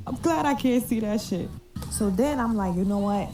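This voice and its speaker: A woman casually telling a story to camera in a profane, slangy, animated way, recorded on a distant phone mic. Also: on the high side, moderate pace, soft background music.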